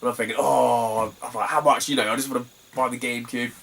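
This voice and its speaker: A man's voice: mid-range voice, flat delivery, fast talker, vocal fry, a bit bright, distant mic. A young British man chatting casually about his game finds, rambling and laughing often. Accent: British English. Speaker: retro game collector vlogger. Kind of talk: casual chat.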